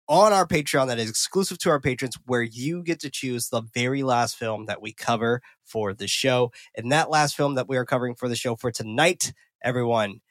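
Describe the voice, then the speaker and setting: A man's voice: medium pitch, no echo. A man hosting a horror movie podcast, chatting casually and energetically, laughing and swearing freely. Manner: energetic, laughing, loose with profanity. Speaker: podcast host.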